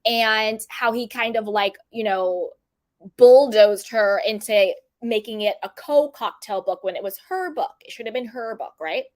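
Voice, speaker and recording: A woman's voice: fairly high pitch, a little slow. A woman giving casual, opinionated commentary to her viewers and acting out the quotes she repeats. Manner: animated, opinionated, acts out quotes. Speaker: commentary vlogger.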